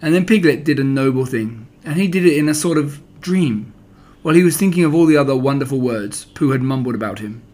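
A man reads a children's story aloud in a gentle, even way. His voice sits at a middle pitch with a husky, slightly breathy grain. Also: brisk.

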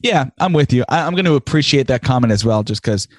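A man's voice: medium pitch, animated, fast, no echo. A man co-hosts a casual podcast in a mid-range voice, recorded dry and close. He talks bluntly and argues with his co-host, teasing him and dropping swear words along the way. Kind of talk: casual chat.

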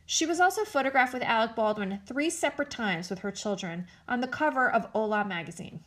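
A woman's voice: on the high side, animated, fairly quick, fairly bright tone. Blunt, sarcastic woman host. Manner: blunt, sarcastic, swears freely. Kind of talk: casual commentary.

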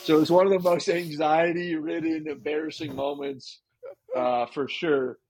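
A man's voice: on the high side, steady tone, unhurried, darkish tone, husky, no echo, rough recording. A man co-hosting a podcast, telling stories in a laid-back, chatty way. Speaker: podcast co-host. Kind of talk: casual chat.

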